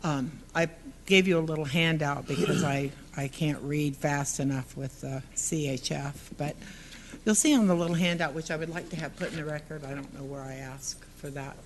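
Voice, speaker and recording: Woman giving halting public comment. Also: low-pitched, slight background noise. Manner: earnest, halting, rambling with restarts. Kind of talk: public comment at a council meeting. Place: council chamber.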